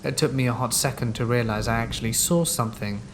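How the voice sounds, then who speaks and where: A man's voice: medium pitch, quick pace, slight background noise. Man reading scary stories over rain. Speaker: horror story narrator. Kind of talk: scripted first-person horror narration. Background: steady rain sounds.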